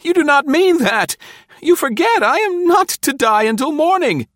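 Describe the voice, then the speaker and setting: Brief: a man doing a condemned male spy, low voice, dry close sound, measured reasoning that cracks into shrill pleading. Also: lively intonation, a bit bright, no echo. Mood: desperate pleading. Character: calm captured male spy facing execution, coolly philosophical. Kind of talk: audiobook character reading.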